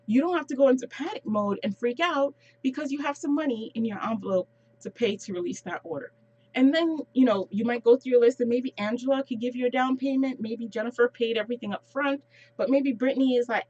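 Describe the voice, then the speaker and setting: A woman giving a casual sales training talk, explaining step by step with quick asides. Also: fairly high pitch, a little mellow, dry recording, highs cut off.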